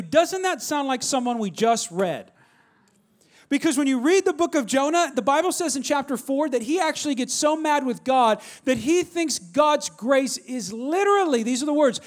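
High-voiced man preaching a sermon. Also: animated, normal speed. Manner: storytelling, self-deprecating, addresses congregation directly. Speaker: pastor. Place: church.

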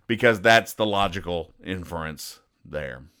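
Male comedy host, low and clear, deadpan sarcastic delivery. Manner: dry sarcastic, acts out characters' lines in quick voices. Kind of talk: deadpan comic strip commentary.

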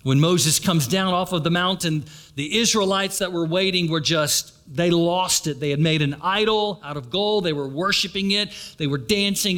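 A man's voice: fairly high pitch, a bit bright. A man preaching a sermon, retelling a story and turning to the congregation with asides. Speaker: pastor.

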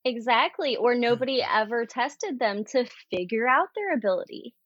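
An earnest woman guest speaks in a slightly high voice, recounting her experience in a relaxed, conversational way and acting out the voices she remembers. The sound is dry and a little dull and lo-fi. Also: moderate pace, breathy edge, dry recording. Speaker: podcast guest. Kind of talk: candid conversational storytelling.

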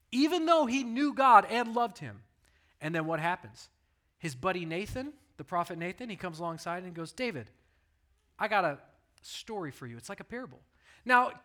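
Bright-voiced, animated man preaching. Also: high-pitched. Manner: animated storyteller, voices the people in his stories. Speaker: pastor. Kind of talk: sermon.

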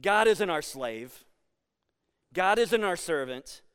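A man's voice: high-pitched, animated, slow, fairly bright tone, clear, resonant tone. A man preaching a sermon as pastor, conversational and joking with the congregation, then pressing his points with emphasis.

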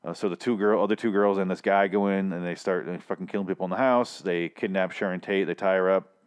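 A man with a fairly low voice talks through a TV episode in a loose, rambling monologue. He swears freely and drops sardonic asides into his own microphone. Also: steady tone, fast talker, clean tone. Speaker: show recap host. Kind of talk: casual TV recap monologue.

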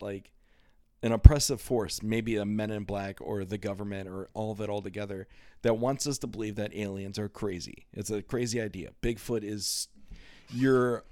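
A man's voice: mid-range voice, darkish tone, no echo, clean studio sound. A man who is a guest on a podcast, talking in casual chat and arguing his opinions with some swearing.

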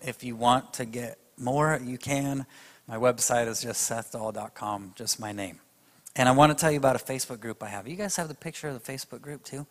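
A man's voice: medium pitch, fairly quick. Emphatic man preaching in an echoing hall. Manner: emphatic, addresses the audience directly. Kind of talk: sermon.

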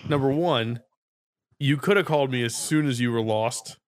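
A man's voice: mid-range voice, moderate pace. A man in casual chat, blunt and dryly teasing.

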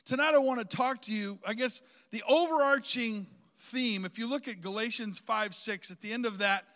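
A man's voice: very high-pitched, normal speed, a bit bright, long reverb tail. A man preaching a sermon, outgoing and talkative, calling on the congregation to repeat phrases after him.

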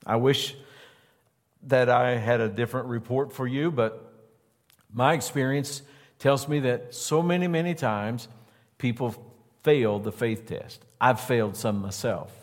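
A man's voice: medium pitch, fairly even intonation, measured pace. A man preaching a sermon in an earnest way, driving points home by repeating phrases. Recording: long hall reverb.

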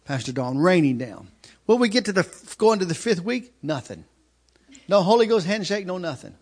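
A man preaching a sermon, telling a story with shouted outbursts and laughter. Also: sits high, animated, moderate pace.

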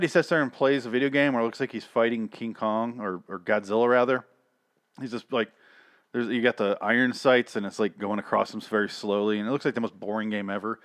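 A man's voice: medium pitch, fairly even intonation, fairly quick, no room sound, clean studio sound. A man giving casual, rambling, sarcastic review commentary on cartoon episodes, swearing freely.

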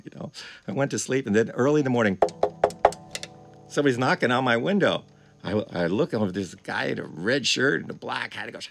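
Gravelly, animated male storyteller. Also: medium pitch, a little fast. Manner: animated, chuckling often. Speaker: guest musician. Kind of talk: casual storytelling.

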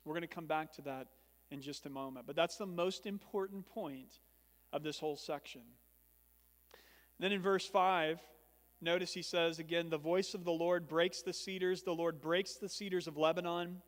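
Man, pastor, high voice, earnest sermon, volume rising and falling for emphasis, long hall reverb. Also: steady tone, moderate pace. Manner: earnest teaching tone, swells and drops in volume for emphasis. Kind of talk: expository sermon.

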